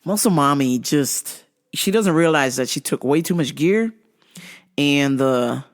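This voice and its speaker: A woman hosting a podcast who tells a comic story in an animated way, laughing often and swearing freely. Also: low-pitched, unhurried. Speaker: podcast host.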